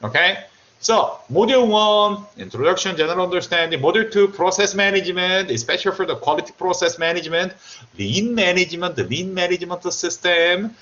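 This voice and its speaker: A man with a Korean accent, a native Korean speaker, giving a remote university lecture in a joking, animated way and often repeating himself. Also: high-pitched, brisk, lo-fi sound, a little hiss or hum.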